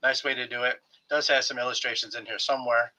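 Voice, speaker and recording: A man's voice: medium pitch, level tone, quick pace, bright, forceful tone. A man hosting his own live stream, chatting casually and greeting viewers by name with friendly jokes. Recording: slightly dull lo-fi stream audio.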